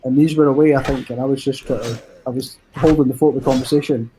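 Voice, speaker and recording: A man tells a long, meandering story to his friends, swearing freely as he goes. His voice sits at an ordinary pitch and comes through a headset on a voice-chat line, with a clear layer of noise underneath. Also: steady tone, quick pace, dark tone, rough recording. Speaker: gamer chatting on voice call. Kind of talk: casual chat.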